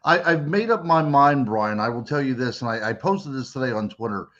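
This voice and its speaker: A man's voice: medium pitch, lively intonation, brisk, fairly bright tone. A man from Western Pennsylvania, a guest on a radio talk show, chatting and joking with small restarts. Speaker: guest, cryptid author. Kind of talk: casual radio interview. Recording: dull lo-fi call-in line.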